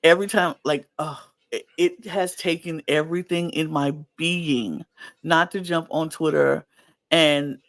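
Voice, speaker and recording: Gravelly, excitable male podcast co-host. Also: a little high, a little slow, dry recording. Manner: excitable, gushing, animated. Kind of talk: casual reality TV recap chat.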